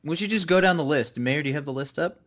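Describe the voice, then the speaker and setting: A man's voice: fairly high pitch, fast talker, a bit bright. A man co-hosting a podcast in a casual sports chat, teasing his partner with dry sarcasm. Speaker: podcast co-host.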